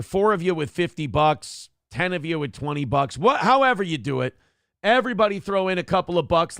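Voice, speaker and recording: A man's voice: fairly high pitch, vocal fry, fairly bright tone, dry recording, studio quality. A man hosting a solo livestream show. He gives crude comedic commentary, reads chat messages aloud and acts out lines in a mocking voice.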